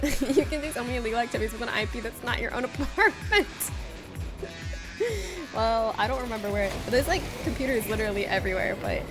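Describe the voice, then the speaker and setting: Playful woman streamer with a higher voice. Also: brisk, over music. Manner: playful, joking, laughs often. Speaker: game streamer. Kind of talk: live gameplay commentary, chatting with viewers.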